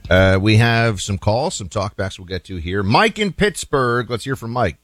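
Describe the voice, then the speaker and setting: A man's voice: fairly low pitch, animated, moderate pace, fairly bright tone, no room sound, studio quality, faint music behind. A man hosting a call-in radio talk show, chatting loosely with many fillers and restarts.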